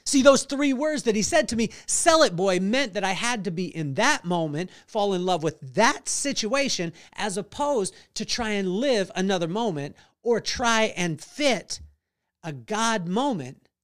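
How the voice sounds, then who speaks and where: Middle-aged male podcast host, lively storyteller who acts out voices; high, smooth tone. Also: a little slow. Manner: animated storyteller acting out voices and singing. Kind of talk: storytelling devotional talk.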